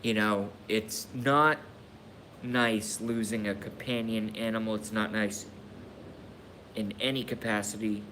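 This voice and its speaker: A man live-streaming a casual rant, slow and halting, with sighs and swearing, emotional and grieving. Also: on the low side, steady tone, a bit bright, a little hiss or hum.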